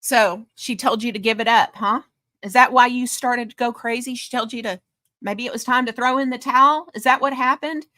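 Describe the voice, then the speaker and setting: A woman's voice: fairly high pitch, fairly even intonation, normal speed, bright, forceful tone, dry recording, clean studio sound. A woman hosting a commentary show, talking in a sarcastic, mocking, lecturing way about a streamer. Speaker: commentary host.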